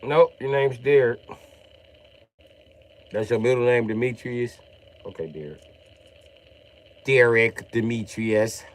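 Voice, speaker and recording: A man's voice: mid-range voice, animated, a little slow, pauses often, darkish tone. A young man streaming live, casually reading comments and mock-scolding a viewer by name. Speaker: livestream host.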